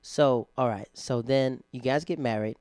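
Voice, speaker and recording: A man's voice: medium pitch, moderate pace, no room sound, studio quality. A man with a Southern American accent hosting a casual chat, telling stories and acting out quotes. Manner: animated storyteller, acts out quotes. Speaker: podcast host, comedian.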